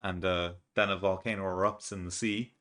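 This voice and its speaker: A man's voice: deep voice, flat delivery, moderate pace, fairly bright tone. A man hosting a reaction video, casually recapping a comic chapter and thinking aloud, reading the dialogue out plainly. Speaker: manga reaction video host.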